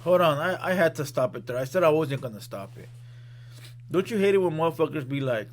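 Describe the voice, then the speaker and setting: Man, reaction host, casual commentary, blunt, profane, slightly high voice. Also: lively intonation, a little fast, slight background noise. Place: studio room.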